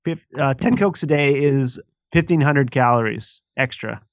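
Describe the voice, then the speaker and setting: Young male co-host, mid-pitched, dry close mic, sarcastic profane rant. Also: normal speed, dry recording. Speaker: podcast co-host. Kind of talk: casual chat.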